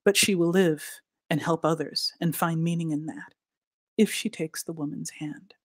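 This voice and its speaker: A woman reading her fiction aloud in a deliberate, expressive way, sinking to soft near-whispers for emphasis. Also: low voice, no room sound, studio quality. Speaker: author reading at a literary event.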